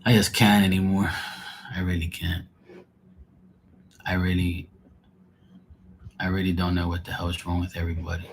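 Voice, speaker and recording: Deep-voiced male streamer, rambling, exasperated, foul-mouthed, faint hiss behind. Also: flat delivery, normal speed, long pauses. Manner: rambling, exasperated, swears freely. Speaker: live tarot reader. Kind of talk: casual live-stream chat.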